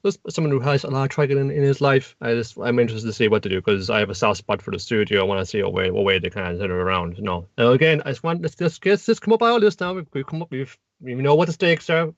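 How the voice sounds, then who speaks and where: Fast-talking man in casual chat. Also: mid-range voice, no room sound. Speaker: podcast co-host. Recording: dry, slightly muffled lo-fi audio.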